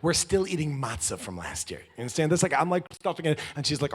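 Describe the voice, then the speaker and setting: A man's voice: fairly high pitch, big pitch swings, fast, hardly any pauses, breathy edge. A man giving a comic storytelling talk to an audience, acting out the voices of his wife and other people. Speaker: speaker.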